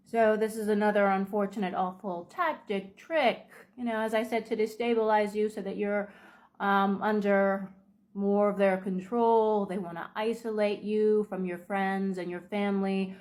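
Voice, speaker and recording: Woman, casual advice vlog, mid-pitched voice, frequent ums, unhurried delivery. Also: steady tone. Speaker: video creator.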